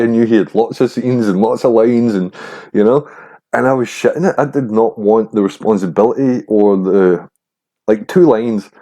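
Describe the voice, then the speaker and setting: A young man tells his story on his own podcast, relaxed and frank, swearing freely as he goes. His voice sits low and sounds warm and mellow. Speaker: podcast host. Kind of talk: casual storytelling monologue.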